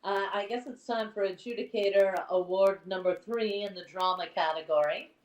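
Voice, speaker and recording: A woman's voice: mid-range voice, moderate pace. A woman presenting theatre awards as the adjudicator, effusive and full of praise as she introduces each nominee. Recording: echoey room, far from the mic.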